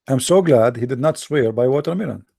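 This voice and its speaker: A man hosting a debate show, talking off the cuff to his listeners with a gravelly, dark tone. He is emphatic and mocking and says things over again, in a dry, close sound. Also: medium pitch, expressive, a little fast, no echo. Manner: emphatic, mocking, repeats himself. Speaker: host of an online debate show. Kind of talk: casual monologue to a live audience.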